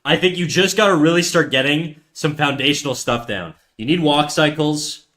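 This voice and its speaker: With a fairly high pitch and a moderate pace, a young man draws live on stream, making casual conversation with his audience and going quiet as his focus takes over.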